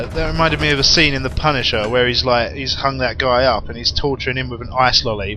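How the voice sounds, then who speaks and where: A man's voice: medium pitch, noisy background. A young man playing a horror game, reading the in-game notes aloud and adding wry, rambling asides. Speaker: let's play gamer.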